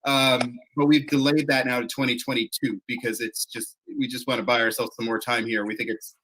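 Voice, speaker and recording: A chorus leader rambles through the group's touring history, correcting himself as he goes and acting out quoted lines. His medium-pitched voice is flat, fairly quick, and fairly bright, and the recording quality is low.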